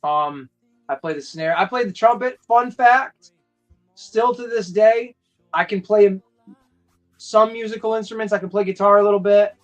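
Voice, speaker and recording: A man hosting a casual livestream chat, crude and joking, with quick asides. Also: high-pitched, highs cut off, faint music behind. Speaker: host.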